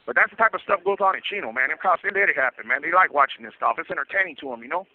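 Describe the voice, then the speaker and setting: A man's voice: a little high, lively intonation, racing, dry recording. A man, telling prison stories in casual streetwise slang over the phone and acting out the voices of the people in them. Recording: tinny phone line.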